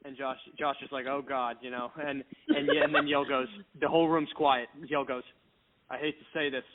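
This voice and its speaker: A man's voice: medium pitch, a little fast, background noise. A man, a guest actor, telling a self-deprecating story in casual chat. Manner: self-deprecating, animated anecdote. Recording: phone-like audio.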